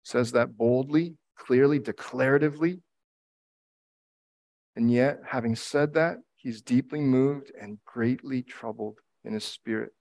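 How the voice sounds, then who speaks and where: A man's voice: medium pitch, measured pace, creaky, a little mellow. Grieving middle-aged man preaching earnestly. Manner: earnest, reflective preaching with emphatic repetition. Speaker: pastor. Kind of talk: sermon.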